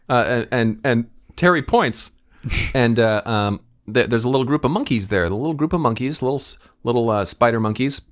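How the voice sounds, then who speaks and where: A man's voice: medium pitch, lively intonation, moderate pace. A man improvising a comedic story with friends, stammering through restarts and laughing often.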